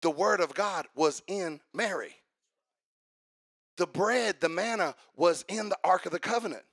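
Male preacher, high and gravelly, fervent call-and-response delivery. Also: measured pace, dry recording, studio quality. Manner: rising to fervent shouts, call-and-response with congregation. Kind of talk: sermon. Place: church service.

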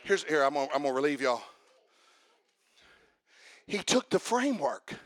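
A man preaching a sermon, joking with the congregation and building to shouted emphasis. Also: on the high side, sing-song, moderate pace, dry recording. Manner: humorous, calls out to the congregation.

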